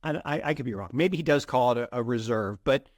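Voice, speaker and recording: A middle-aged man co-hosting an investing show, chatting in an animated way with many restarts and repeated words. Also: mid-range voice, brisk, dry recording, clean studio sound. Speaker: co-host of a crypto investing show. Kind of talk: casual conversational commentary.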